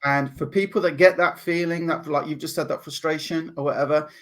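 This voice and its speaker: An English man talking as a podcast guest, animated and laughing often as he acts out other people's voices. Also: on the high side, a little fast. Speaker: guest, NLP practitioner. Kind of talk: podcast interview.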